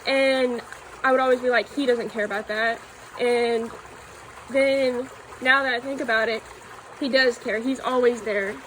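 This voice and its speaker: A woman from Missouri giving an earnest, halting personal testimony about her faith. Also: on the high side, fairly even intonation, fairly bright tone, a little hiss or hum, rough recording. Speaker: church youth member giving testimony.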